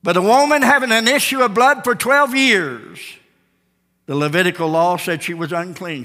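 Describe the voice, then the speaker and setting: Male pastor, dramatic sermon delivery; high, brassy tone, church reverb. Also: moderate pace. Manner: dramatic storytelling, swinging from shouts to hushed tones. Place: church sanctuary.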